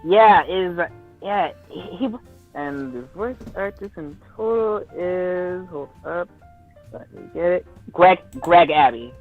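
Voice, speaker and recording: A man chatting casually on a livestream, excited and often restarting his sentences. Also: sits high, takes it slowly, soft background music. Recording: slightly dull lo-fi stream audio.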